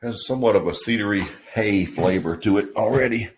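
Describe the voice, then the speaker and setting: A man casually reviewing a cigar on his video channel, in a relaxed, musing way with many fillers. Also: on the low side, a little fast.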